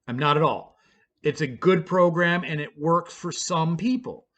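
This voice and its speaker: A man's voice: a little high, unhurried, fairly bright tone. A man casually telling his own story in a blunt, profane, rambling way, with frequent restarts.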